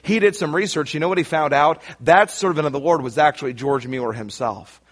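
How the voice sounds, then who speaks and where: A man preaching a sermon, emphatic and rising to shouts on key lines, speaking straight to his listeners. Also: on the high side, fairly quick. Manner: addresses listeners directly.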